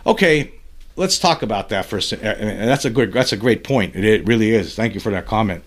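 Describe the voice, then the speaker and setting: A man's voice: fairly low pitch, animated, fairly quick. Rambling, heated male podcast host. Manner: rambling, heated, many restarts and fillers. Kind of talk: solo commentary podcast.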